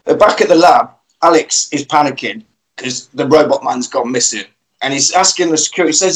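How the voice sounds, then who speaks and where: A man with a notably high voice recaps a bad film for his co-hosts. He tells it with lively energy and plenty of casual swearing. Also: fairly quick, rough recording. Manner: animated storytelling, swears often. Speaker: podcast co-host. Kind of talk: comic plot recap.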